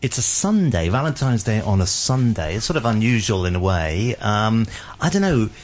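A male radio host with a lowish voice leads a casual chat. He muses aloud hesitantly, trailing through fillers and restarts as he puts questions to his guests. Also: very animated, moderate pace.

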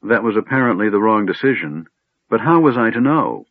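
A man's voice: animated, a little fast, no room sound. A man voicing a sorrowful silver dragon maiden. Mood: grave, sorrowful. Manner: low, passionate, grave. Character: sorrowful female silver dragon in elf form. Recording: tinny phone-like band, dry.

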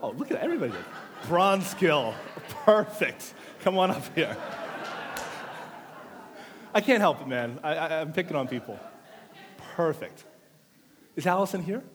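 Animated high-voiced male preacher. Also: normal speed, a crowd in the background. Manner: playful, teases the congregation; animated storytelling with audience participation. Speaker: pastor. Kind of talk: sermon.

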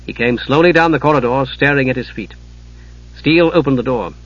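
A man reading an audiobook in a measured, dramatic narration, on a dull lo-fi recording. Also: medium pitch, no room sound.

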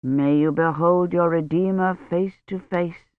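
A reader voicing a gentle, solemn medieval priest who murmurs Latin prayers slowly. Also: medium pitch, steady tone, no echo, pitched below the performer's own voice, close to an everyday voice. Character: gentle solemn medieval male priest giving last rites. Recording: dry tinny phone-like audio.

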